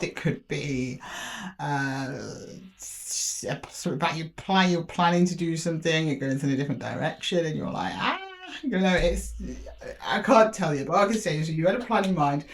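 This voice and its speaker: A woman talks through a tarot spread to the camera. She keeps it light and chatty, laughing a lot and slipping into little voices for the universe between cards. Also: low-pitched. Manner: chatty and playful, laughs often, acts out the universe in quick asides. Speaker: tarot reader. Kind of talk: casual tarot reading to camera.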